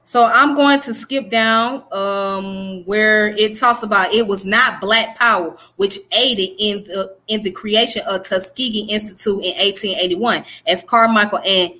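A woman with a Southern US accent who talks fast and casually, teaching history on a live stream and chatting to her viewers. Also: medium pitch, pushed and bright. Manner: fast-talking, conversational, says "you know what I'm saying". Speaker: livestream host teaching history.

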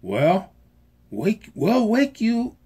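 A volunteer reader voicing a caring mother frog who speaks gently but with raised energy. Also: medium pitch, wildly swooping pitch, drawn-out words, creaky, slightly rough, voice pushed up, heavily acted. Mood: soothing.

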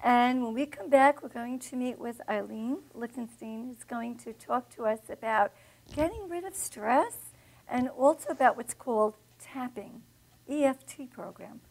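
A woman's voice: a little high, measured pace, gravelly, a little mellow, rough recording. A woman hosting a talk show, chatting with and encouraging her guest. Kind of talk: interviewing a guest.

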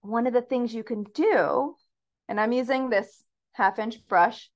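A woman's voice: on the high side, a little slow. A woman leading a paint-and-sip class, giving upbeat, encouraging step-by-step instructions as she paints.

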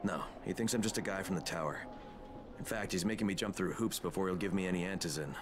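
A man playing Crane, a gruff weary agent. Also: sits low, fast, natural voice. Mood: sardonic. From Chicago (character). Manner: sardonic, blunt, swears. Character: gruff male undercover agent, dry and weary. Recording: game audio with loud music behind.

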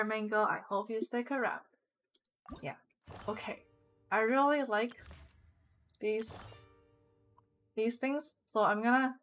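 A woman's voice: a little high, fairly bright tone. Chatty young woman streamer, giggly. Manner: chatty, giggly, reads chat aloud. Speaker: live streamer. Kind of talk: casual chat with viewers while gaming. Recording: music playing behind the voice.

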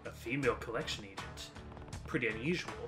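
Stoic gruff game hero, a man dropping his voice, quiet and deadpan. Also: mid-range voice, quick pace, music in the background, voice pushed down, lightly acted.

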